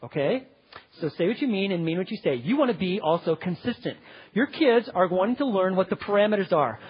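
A man teaching parenting in sermon style, animated, often checking in with "okay?". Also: high-pitched, brisk, husky. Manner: animated, acts out parents and kids, keeps asking "okay?". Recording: dull, lo-fi hall with long reverb.

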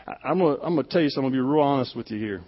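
A man's voice: mid-range voice, expressive, racing, long reverb tail, muffled recording. A pastor delivering a conversational, emphatic sermon, often repeating his words as he speaks.

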